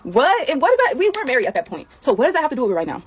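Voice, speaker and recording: A woman's voice: sits high, huge pitch swings, racing, breathy edge. A young woman hosting a commentary channel, bluntly and confrontationally rebutting her husband's claims, cursing often. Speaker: channel host reacting to husband's clips. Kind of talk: heated argumentative commentary.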